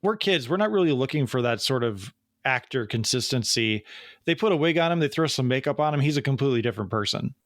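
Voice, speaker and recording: A man in his forties hosting a podcast in casual chat, fast and prone to tangents and self-interruptions. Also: mid-range voice, animated, no room sound, clean studio sound. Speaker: podcast host.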